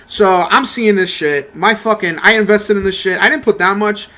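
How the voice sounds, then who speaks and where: Bright-voiced young man ranting casually. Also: high-pitched, brisk, hardly any pauses. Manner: profane, animated storytelling with mocking impressions. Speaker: mobile game streamer. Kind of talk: casual gameplay commentary rant.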